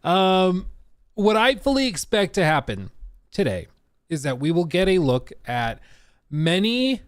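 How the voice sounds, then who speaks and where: A man's voice: high voice, sing-song, measured pace, clear, resonant tone, no echo, studio quality. A man in his thirties hosting a live stream, chatting casually with joking, sarcastic asides.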